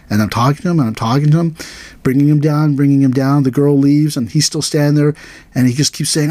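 Talking fast in a fairly high-pitched voice, this podcast host and aikido teacher tells a casual, animated story. He raises his voice to act out the quoted dialogue, and the recording has no room sound.

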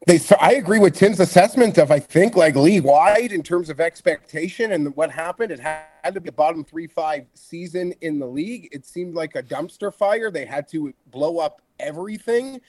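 A man's voice: a little high, normal speed, hardly any pauses, a little mellow, no room sound. A man co-hosting a sports betting podcast, rambling through his take in a chatty way. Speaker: podcast co-host. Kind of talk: casual sports betting chat.

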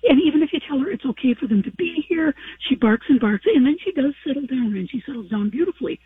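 A woman's voice: high-pitched, expressive, fast, no echo. A woman caller on a radio show, rambling chattily about her barking dog. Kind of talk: phone call to a radio show. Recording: husky voice over a tinny phone line.

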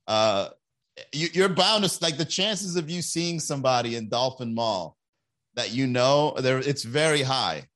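A young man hosts a loose, chatty podcast stream. He rambles and jokes as he talks, and now and then he slips into quick voices for other people. His pitch sits in the middle range. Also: lively intonation, fairly bright tone. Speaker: podcast host. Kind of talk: casual livestream podcast chat.

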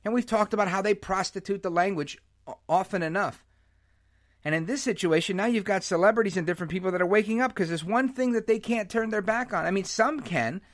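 Animated opinionated man hosting a podcast. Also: high voice, fairly quick. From United States. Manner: animated, opinionated, mixes in Spanish words. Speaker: podcast host. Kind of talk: solo podcast monologue. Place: New York.

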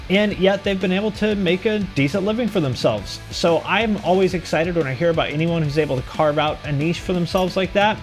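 A man with a fairly high voice hosts a podcast in a relaxed, chatty way, reading through his plugs with some pep. Soft music plays faintly behind him. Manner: energetic, conversational, promotional read. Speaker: podcast host. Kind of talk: podcast intro and interview.

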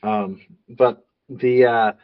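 A man co-hosts a laid-back movie podcast, working through trivia notes with plenty of ums and restarts. His voice sits at an ordinary pitch. The sound is dry and close, a little muffled. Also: fairly even intonation, very slow, no room sound. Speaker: podcast co-host. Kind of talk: casual movie podcast chat.

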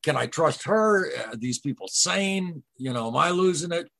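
A man talking as a podcast guest, telling a personal story in an earnest, halting way and often retelling what people said. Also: a little high, expressive, creaky, pushed and bright, a little hiss or hum. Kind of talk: casual first-person storytelling.

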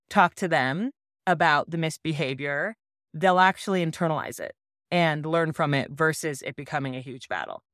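A woman's voice: fairly low pitch, no room sound, clean studio sound. A woman podcast host telling a personal parenting story in an earnest, reassuring way.

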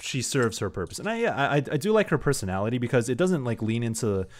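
A man's voice: mid-range voice, very animated, fast talker. A man in casual podcast chat, talking in long rambling stretches full of fillers and restarts. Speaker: podcast panelist.

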